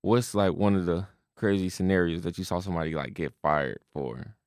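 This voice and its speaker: A man co-hosting a casual podcast, relaxed, prompting with short questions and reactions. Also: low voice, a little fast, clean tone, no echo, studio quality. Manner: laid-back, chiming in with short replies and questions. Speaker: podcast co-host. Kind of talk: casual chat.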